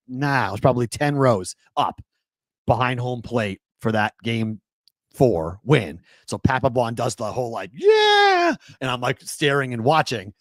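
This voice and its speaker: Excitable sports radio host, dry studio. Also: male voice, medium pitch, dry recording. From New England. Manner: animated, excitable storyteller with many fillers and restarts. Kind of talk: casual sports talk storytelling.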